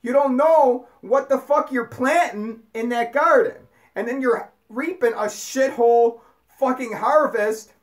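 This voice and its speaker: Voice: high-pitched, unhurried. A speaker giving a profane spiritual monologue, emphatic and ranting, with constant swearing.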